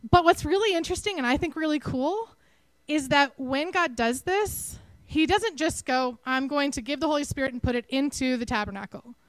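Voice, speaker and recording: A woman with a Texan accent giving a conversational, animated sermon to her church. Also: high-pitched, normal speed, no room sound, poor audio. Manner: conversational, animated, self-deprecating. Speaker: preacher.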